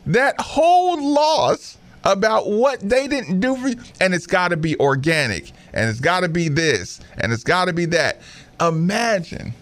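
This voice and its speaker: On his basketball podcast, a man with a voice on the high side delivers casual, opinionated commentary. He's animated and emphatic, repeating himself and mimicking players.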